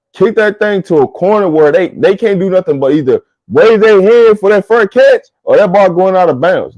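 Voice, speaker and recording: A man's voice: on the high side, warm tone, dry recording, lo-fi sound. A man co-hosting casual sports talk, emphatic and coaching in tone.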